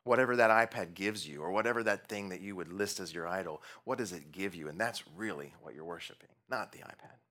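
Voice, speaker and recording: Earnest lower-voiced male preacher. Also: pushed and bright. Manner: earnest preaching, slow emphatic phrases dropping to near-whispers; conversational asides with light humor. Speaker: pastor. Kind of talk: sermon.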